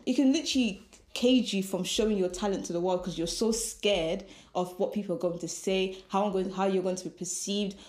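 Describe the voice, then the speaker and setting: A woman's voice: medium pitch, brisk, a little mellow. A woman in her twenties co-hosting a podcast, chatting frankly and teasingly while she thinks aloud. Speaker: podcast co-host. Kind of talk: casual chat. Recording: echoey room.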